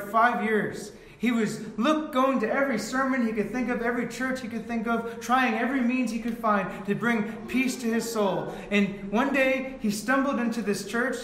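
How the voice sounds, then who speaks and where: A man's voice: very high voice, fairly bright tone. A man preaching a sermon in a church, telling the story earnestly as a pastor to his congregation. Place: church sanctuary. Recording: echoey room.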